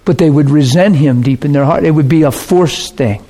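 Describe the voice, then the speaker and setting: Man, preacher, storytelling sermon, fairly high voice, animated, drops to hushed tones. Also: moderate pace.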